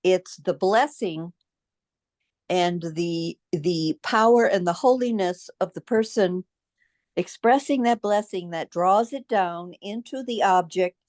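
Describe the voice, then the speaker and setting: A woman's voice: on the low side, takes it slowly, a little mellow, no echo. A woman taking part in a group religious study discussion, explaining her view in a reassuring way.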